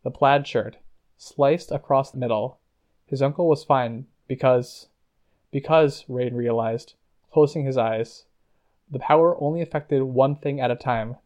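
A male audiobook narrator reads a novel aloud in scripted narration. His pitch is medium, and his storytelling voice stays measured and even.

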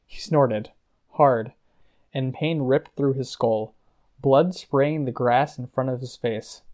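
An audiobook narrator with a medium-pitched voice reads a novel aloud as scripted narration. His storytelling is measured and even.

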